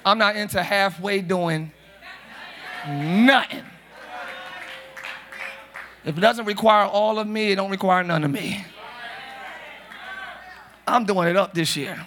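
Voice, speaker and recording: Pastor guy preaching live in church, joking around then yelling, high tenor, little bit of background hiss. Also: takes it slowly, pauses often, some chatter behind. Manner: conversational, jokey, bursts into shouts. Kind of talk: live sermon. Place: church sanctuary.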